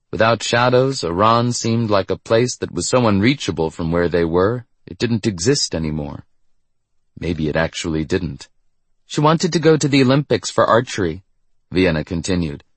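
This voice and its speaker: A man reads a novel aloud in a measured, steady way. His voice is low with a husky grain, recorded close and dry. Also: no room sound. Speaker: audiobook narrator. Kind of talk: scripted narration.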